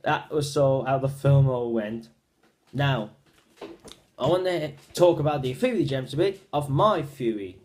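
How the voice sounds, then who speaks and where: A man giving a casual spoken film review, retelling the plot in a rambling, halting way with frequent restarts. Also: medium pitch, lively intonation, a little mellow.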